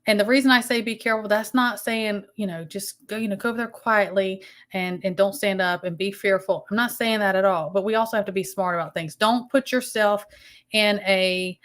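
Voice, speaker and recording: A woman's voice: mid-range voice, fairly even intonation, a little fast, a bit bright. A woman hosting a casual livestream, rambling and greeting chat viewers by name with many ums and restarts. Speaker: livestream host.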